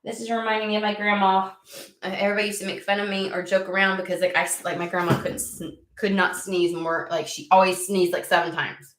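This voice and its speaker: Recorded in an echoey room, a woman from the United States does tarot readings amid loose, wandering conversation, occasionally swearing and drifting off topic. She speaks fast at a medium pitch, with little movement in her intonation.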